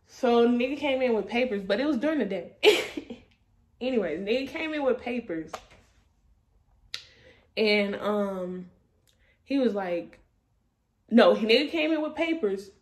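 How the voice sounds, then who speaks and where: A woman's voice: on the high side, lively intonation, a little slow, pauses often. A woman in her twenties, a vlogger, telling a casual story in blunt, profane slang and laughing as she goes.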